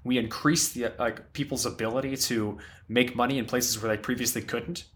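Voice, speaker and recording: A man's voice: medium pitch, steady tone, normal speed, a bit bright. A man co-hosting a podcast roundtable, arguing his point earnestly and often restarting his sentences. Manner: earnest and argumentative, frequent self-restarts. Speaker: podcast co-host. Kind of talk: roundtable debate.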